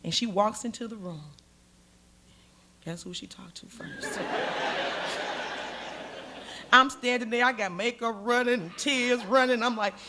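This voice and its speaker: A middle-aged woman telling a story on stage, dramatic and animated, acting out the voices in it. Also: on the high side, a little slow, long pauses, background noise. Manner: animated, dramatic, acts out every voice. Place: stage in a museum hall.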